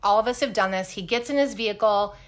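A woman host telling a story in casual, blunt talk, animated and swearing freely. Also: mid-range voice, quick pace. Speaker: podcast host.

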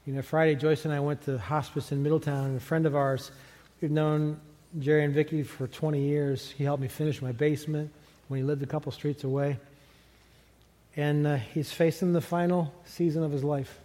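A middle-aged man preaching a sermon as pastor, conversational and animated, chuckling now and then. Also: on the high side, normal speed. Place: large church sanctuary. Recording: long hall reverb from a church sanctuary.

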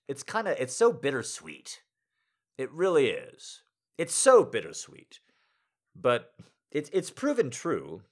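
A man chatting to his listeners in a rambling, heartfelt way, with halting restarts. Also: mid-range voice. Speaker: audio creator. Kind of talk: casual chat to listeners.

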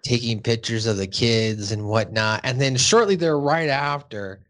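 A man's voice: medium pitch, normal speed, a bit bright. A male podcast host recapping a cartoon episode in loose, casual chat. He rambles, restarts, and drops fillers and the occasional curse word.

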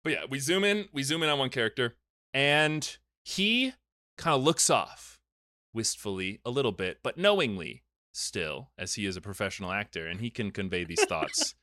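A young man hosting a casual comedic podcast, recapping a movie in an animated, riffing storytelling manner. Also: medium pitch, normal speed, dry recording, studio quality. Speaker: podcast host recapping a film.

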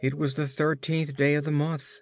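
A man's voice: fairly high pitch, level tone, normal speed, faint music behind, pitched above the performer's own voice, lightly acted. A man voicing a gloomy, discouraged young boy in a storybook reading, speaking mournfully. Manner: mournful and sad.

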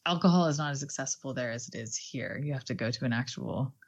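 A woman's voice: rumbling low, quick pace, breathy edge, lo-fi sound. A woman co-hosting a casual podcast chat, chatty and laughing often, swearing now and then. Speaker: podcast co-host.

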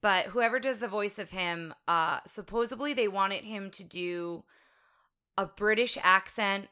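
A woman's voice: mid-range voice, unhurried, pushed and bright, smooth. A woman co-hosting a casual movie podcast, sharing trivia with enthusiasm. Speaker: podcast co-host. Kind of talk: casual chat.

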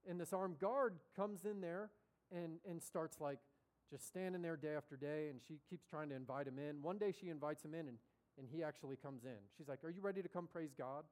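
A man preaching in a loose, conversational storytelling style. His voice sits somewhat high, and he keeps breaking into the quoted voices of the people he describes. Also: a little fast, darkish tone. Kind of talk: sermon storytelling.

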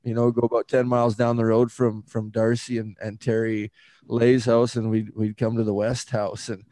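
A man's voice: medium pitch, flat delivery, normal speed, warm tone, dry recording. A man in the middle of his range, hosting a podcast and swapping old stories in easy, rambling chat. He swears freely and laughs often. The sound is dry and close to the mic. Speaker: podcast host. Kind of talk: casual chat.

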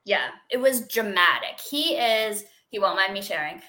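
A middle-aged woman, a guest in an interview, telling her healing story in a chatty, expressive way with lots of fillers and laughter. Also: medium pitch, moderate pace. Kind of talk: casual interview conversation.

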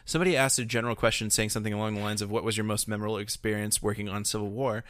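A man's voice: lowish voice, fairly even intonation, rapid-fire, fairly bright tone, dry recording. A man co-hosting a podcast in casual chat, rambling with many fillers and restarts. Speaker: podcast co-host.

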